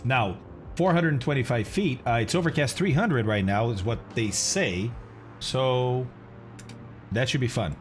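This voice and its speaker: A man live-streaming a flight simulator, chatting casually with viewers and explaining instrument approaches while eating, often clearing his throat. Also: mid-range voice, a little slow, faint music behind. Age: adult, has kids.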